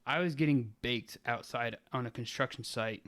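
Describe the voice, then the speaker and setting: A man's voice: mid-range voice, normal speed, fairly bright tone. Young man in a rambling casual chat. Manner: rambling, with fillers and wry jokes. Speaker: podcast co-host.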